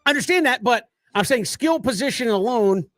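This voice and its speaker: A man's voice: very high voice, animated, brisk, a bit bright, no echo, faint music behind. A man co-hosting a sports talk show, chatting casually, laughing easily and poking fun at himself. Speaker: co-host.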